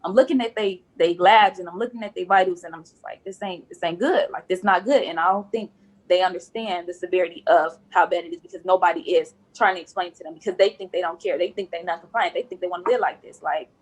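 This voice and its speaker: A woman's voice: fairly low pitch, quick pace, low-quality recording. A woman nurse speaking as a guest on a podcast, earnest and repeating phrases for emphasis. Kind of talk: podcast interview.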